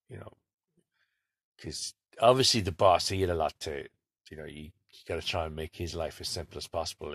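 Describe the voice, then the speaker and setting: A man with a very deep voice tells rambling, casual stories about his work as a bus driver and laughs easily between them. He is recorded close and dry, with no room sound around him. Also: dry recording. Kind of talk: casual anecdotal storytelling.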